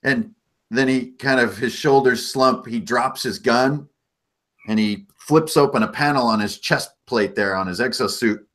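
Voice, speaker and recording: A man's voice: medium pitch, measured pace, fairly bright tone. A man narrating as game master in an easygoing, conversational way, often hedging with "sort of" and "kind of".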